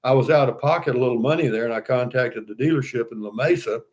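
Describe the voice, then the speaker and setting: A man's voice: medium pitch, fast, darkish tone. An older man hosting a casual livestream, chatting in a folksy, rambling way and reading out viewer comments. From Texas. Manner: folksy, rambling, many fillers and restarts. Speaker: livestream host.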